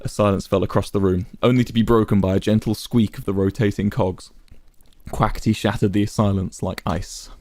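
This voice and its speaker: A man reading a dramatic story aloud with expressive, varied storytelling. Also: fairly low pitch, brisk, no room sound. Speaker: narrator. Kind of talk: dramatic fan fiction reading.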